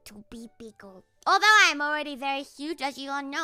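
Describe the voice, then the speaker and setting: A woman's voice: high-pitched, a little fast, sharp tone, dry recording, faint music behind. A young woman who is a virtual idol, chatting casually with viewers on a livestream in a playful, teasing, mock-grumpy way and dropping in Japanese phrases.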